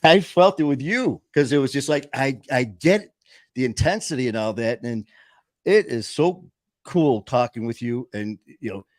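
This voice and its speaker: A man's voice: mid-range voice, animated, moderate pace, no echo. A man with a Boston accent, hosting and telling his own story in an emphatic, plain-spoken way. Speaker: podcast host. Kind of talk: casual storytelling interview.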